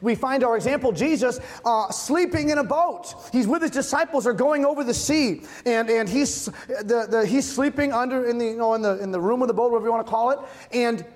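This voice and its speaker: Man preaching, high voice, chatty storytelling sermon, repeats key lines. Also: brisk, hardly any pauses. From Massachusetts. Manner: conversational storytelling with emphatic repeated refrains. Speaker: pastor.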